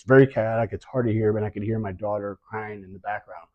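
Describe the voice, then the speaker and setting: Low man, halting retelling, many restarts, dry dull recording. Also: fairly even intonation, no room sound. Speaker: guest sharing a scam story. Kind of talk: emotional retelling.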